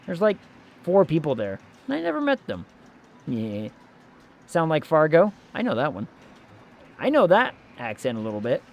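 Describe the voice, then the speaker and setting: A man's voice: on the high side, huge pitch swings, normal speed, gravelly, pauses often, a little mellow. A man streaming a video game, chatting casually in a playful, jokey way. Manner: playful and jokey, slips into silly voices. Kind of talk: casual gameplay commentary.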